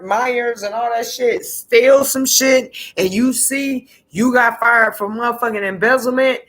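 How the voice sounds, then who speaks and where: A woman with a fairly high-pitched voice delivers a fiery political rant straight to her audience. She is blunt and profane, and drives each point home by repeating it. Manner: heated, profane, emphatic; repeats words for emphasis. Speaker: political commentator. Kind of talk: ranting political commentary.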